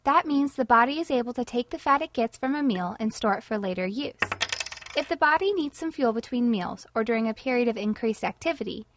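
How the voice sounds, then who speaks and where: A woman's voice: a little high, animated, fairly quick. A woman presenting a scripted educational lesson in a friendly, conversational way.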